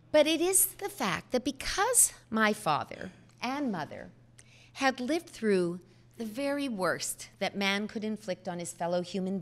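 Earnest woman giving a measured speech. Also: medium pitch. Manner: earnest, measured oratory with emphatic pauses. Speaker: speaker at a foundation event. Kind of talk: prepared speech.

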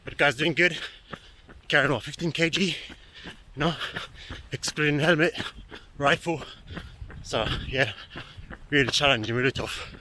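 A man's voice: a little high, normal speed, pauses often, sharp tone. Slightly breathless British man cheering runners. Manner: encouraging, calls out to runners. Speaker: vlogger filming a fitness run. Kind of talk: outdoor vlog with shouted encouragement. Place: outdoors on a running route. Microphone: handheld camera while running. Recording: noisy outdoor recording.

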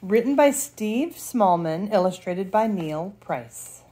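An older woman, a grandmother, reading a picture book aloud with lively expression. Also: mid-range voice, slow pace, husky. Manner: expressive, laughs between lines. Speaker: storyteller.

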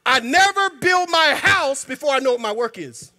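Preacher guy going off in church, really high sharp voice, shouts here and there, big echo trailing off. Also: lively intonation, normal speed. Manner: emphatic, colloquial, breaks into shouts. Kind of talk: sermon. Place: church sanctuary. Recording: long hall reverb.

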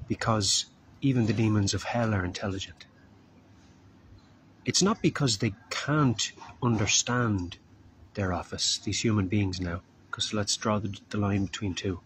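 Low-voiced man preaching an earnest sermon. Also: a bit bright, a little hiss or hum. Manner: acts out quoted voices. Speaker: street preacher. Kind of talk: informal sermon.

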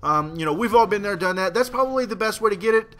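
A young man giving rambling, excitable commentary over his own gameplay, swearing freely and now and then bursting into a shout. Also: high-pitched, fast talker.

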